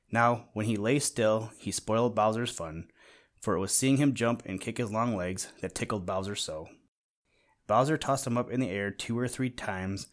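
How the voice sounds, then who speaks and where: Reading a children's animal storybook, a man with a lowish voice narrates gently. Every so often he steps aside from the story to speak directly to the listener.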